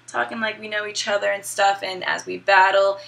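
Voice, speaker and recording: A woman's voice: mid-range voice, flat delivery, a little fast, gravelly, fairly bright tone. A young woman recapping a video game story in a casual, irreverent way, with profane, laughing asides. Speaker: gaming vlogger.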